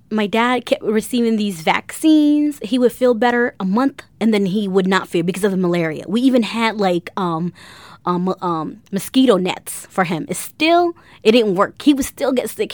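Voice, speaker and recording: Young woman telling her story, halting and emotional. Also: fairly high pitch, dry recording. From grew up in a refugee camp. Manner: emotional, halting with many fillers. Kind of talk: personal storytelling.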